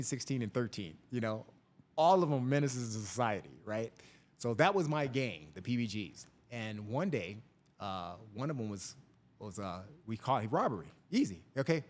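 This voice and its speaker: A middle-aged man telling police stories in a relaxed interview. His voice sits at an ordinary middle pitch, and he jumps into other people's voices as he goes. It comes across as animated, conversational storytelling. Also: normal speed. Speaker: police officer guest.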